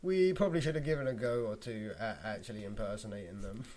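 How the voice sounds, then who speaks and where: A man's voice: lowish voice, quick pace, darkish tone. A man co-hosting a podcast in casual chat, with dry, teasing remarks. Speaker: podcast co-host.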